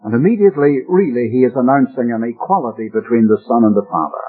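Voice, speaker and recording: A man's voice: mid-range voice, fast talker. A man preaching a Bible-teaching sermon on the radio, earnest and emphatic as he explains the text. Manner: earnest, emphatic expository delivery. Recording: narrow-band old radio broadcast.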